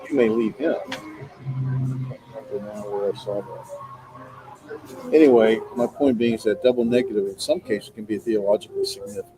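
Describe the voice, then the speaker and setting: A man's voice: lowish voice, normal speed, pauses often, background noise. Hesitant male Greek grammar teacher. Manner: hesitant, many fillers and self-corrections. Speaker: Greek instructor. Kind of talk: classroom lecture.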